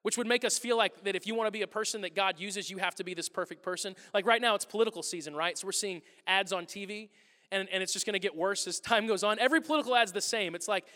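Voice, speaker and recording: Male pastor, animated storyteller, high voice, recorded in a reverberant church hall. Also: quick pace. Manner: animated storytelling, acting out exchanges with loud bursts. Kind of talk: sermon. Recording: long reverb of a large hall.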